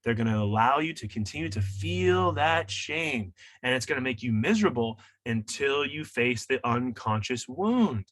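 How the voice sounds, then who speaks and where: A man's voice: mid-range voice, lively intonation, moderate pace, hardly any pauses, a bit bright, dry recording. A man coaching and teaching in an interview, emphatic and preachy, repeating his key points. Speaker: shadow work coach and author.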